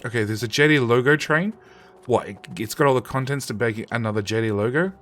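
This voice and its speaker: A man's voice: mid-range voice, fairly quick, a bit bright, soft background music. A man streaming a game live and chatting with viewers in a loose, joking, self-mocking way, often restarting his sentences and casually swearing. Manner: casually profane.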